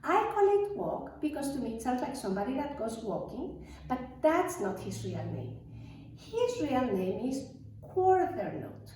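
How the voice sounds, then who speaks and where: A woman music teacher leading a lesson for young children, with slow, encouraging call-and-response. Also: high-pitched, big pitch swings, dark tone, slight background noise. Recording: echoey room, mic far off.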